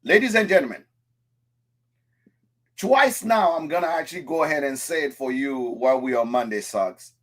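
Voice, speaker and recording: A man from France hosting a casual talk show, telling stories and correcting pronunciation with animated energy. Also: a little high, normal speed, long pauses. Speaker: podcast host. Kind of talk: casual chat.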